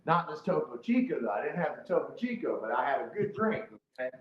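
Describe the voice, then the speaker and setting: A man's voice: on the high side, very animated, fast talker, hardly any pauses, a little hiss or hum. A man telling a heated, profane story as a guest in casual podcast chat. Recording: roomy, slightly dull podcast audio.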